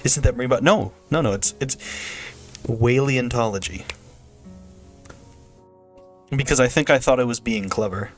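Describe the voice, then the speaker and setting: A young man streams a game and chats loosely to viewers, wandering between jokes and laughing often. His voice sits at an ordinary middle pitch, with soft music faintly underneath. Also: moderate pace, long pauses. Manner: rambling, jokey, laughs often. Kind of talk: casual gameplay stream chat.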